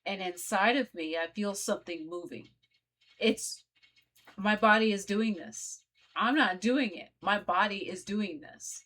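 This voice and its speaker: A woman's voice: medium pitch, measured pace, a bit bright. A woman vlogger telling her own story in a casual, conversational way, talking straight to her viewers. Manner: conversational, addresses viewers directly.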